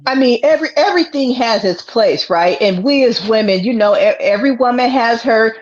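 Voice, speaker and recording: A woman's voice: fairly high pitch, animated, a little fast. A woman host talking earnestly in a casual panel discussion, giving advice and often repeating her phrases. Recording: dull lo-fi sound.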